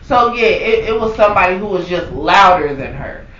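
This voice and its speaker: Podcast co-host, man, high voice, profane animated ranter, echoey room, off-mic and dull. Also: fairly quick, far from the mic. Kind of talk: casual chat. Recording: echoey, dull, from off-mic with faint background noise.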